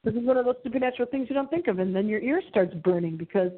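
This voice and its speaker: A woman hosting a late-night radio show, chatting about movies in an animated, dramatic way. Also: a little high, rapid-fire. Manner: animated, dramatic, gasping and singing for effect. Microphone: phone held to the computer. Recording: tinny phone-like line.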